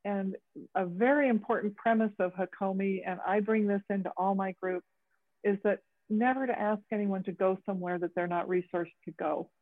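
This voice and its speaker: A woman facilitator teaching a group over a video call, talking haltingly with many fillers and restarts. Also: mid-range voice, fairly even intonation, no echo. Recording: tinny phone-like call audio, dry.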